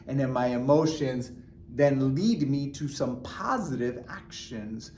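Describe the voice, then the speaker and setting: A man talking earnestly to his viewers in a casual motivational vlog, animated and full of restarts and fillers. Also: mid-range voice, slow pace, a little hiss or hum. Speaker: vlogger. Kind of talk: casual motivational talk to camera.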